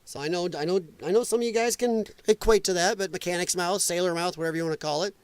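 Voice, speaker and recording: A man's voice: high voice, fast, smooth, dry recording. A middle-aged man from Illinois hosting a live political commentary stream. He swears freely, laughs often and slips into sarcastic, mocking voices. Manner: animated, drops into sarcastic mimicking voices.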